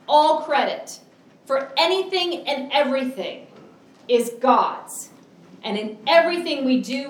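A middle-aged woman preaching a sermon, earnest and emphatic, drawing out key words. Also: high-pitched. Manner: earnest, emphatic, with drawn-out stresses. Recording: echoey, from a distance.

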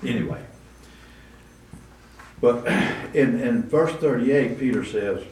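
A man's voice: mid-range voice, lively intonation, takes it slowly, long pauses, darkish tone. A man preaching a conversational sermon, with asides and restarts, recorded in a church. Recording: roomy echo, distant mic, faint room noise.

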